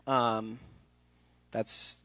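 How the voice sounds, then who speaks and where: A man in his thirties giving an energetic acting workshop talk, jumping into quick voices and asides as he goes. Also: lowish voice, dry recording. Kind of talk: conference talk.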